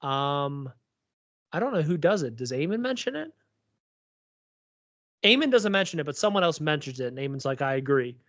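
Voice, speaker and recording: A man's voice: fairly high pitch, big pitch swings, normal speed, pauses often, a bit bright, no room sound. A man co-hosting a podcast, chatting casually about a TV episode, rambling with lots of fillers. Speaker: podcast co-host. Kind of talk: casual TV recap chat. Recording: dull lo-fi recording.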